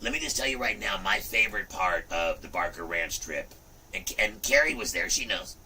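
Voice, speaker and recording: Rambling man in his fifties, bright voice. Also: low-pitched, normal speed, far from the mic, a little hiss or hum, rough recording. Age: 50s. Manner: rambling, animated, repeats "look" and "you know". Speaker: livestream host. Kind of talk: casual rambling livestream chat.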